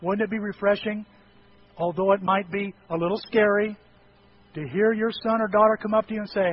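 A middle-aged male pastor preaching a sermon, telling stories and acting out voices, swinging from loud outbursts to hushed tones. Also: high-pitched, steady tone, a little fast. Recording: dull lo-fi recording with faint noise.

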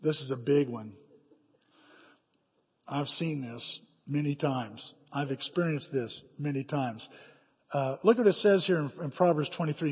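A man's voice: on the high side, a little slow, slightly rough. A middle-aged man preaching a sermon as a pastor, telling personal stories with emphatic, dramatic quoted asides. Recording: hall reverb.

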